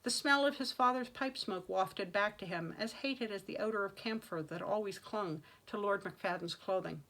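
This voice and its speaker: A woman reads her own fantasy novel aloud, narrating with dramatic expression. Her voice is bright and forceful at a middle pitch. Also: moderate pace, low-quality recording. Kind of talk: audiobook-style fantasy reading.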